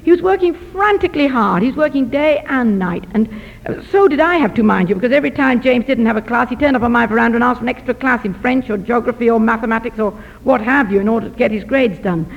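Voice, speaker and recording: High-pitched lady preacher, lively self-mocking storyteller, dull muffled recording, big hall echo. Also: fast, vocal fry. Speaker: missionary doctor and speaker. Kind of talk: storytelling sermon.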